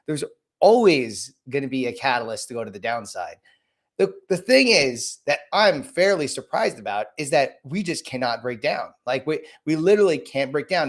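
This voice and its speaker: A man with a hoarse, cold-worn voice talks through the day's market on a livestream. He is casual and blunt, circling back over the same points and tripping into restarts. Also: medium pitch. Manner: rambling, repeats himself, frequent restarts; blunt and casual, greets viewers by name.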